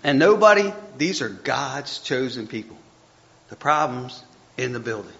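A man's voice: medium pitch, sing-song, measured pace, a bit bright. A man giving a conversational sermon, chatty and self-deprecating, reading scripture aloud and stumbling over the text as he goes. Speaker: preacher. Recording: dull lo-fi recording.

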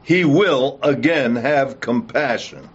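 A man's voice: mid-range voice, slow pace, slightly rough. A man teaching a Bible study lesson and leading prayer, speaking in an earnest, emphatic way with occasional "uh" fillers. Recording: dull lo-fi recording.

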